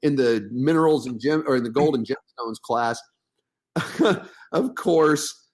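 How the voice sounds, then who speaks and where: A man with a voice of ordinary pitch talks on a casual podcast as a guest piercing artist. His delivery is blunt and combative, laced with profanity. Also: expressive, slow.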